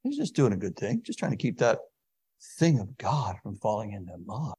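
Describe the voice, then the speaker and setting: A man preaching a sermon, swinging from hushed, drawn-out words to sudden booming emphasis. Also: wildly swooping pitch, husky.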